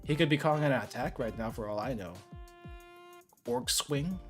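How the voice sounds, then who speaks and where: A relaxed guest co-writing and reading out a story on a game stream, chuckling between lines. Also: medium pitch, normal speed, faint music behind. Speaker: co-writer and story reader.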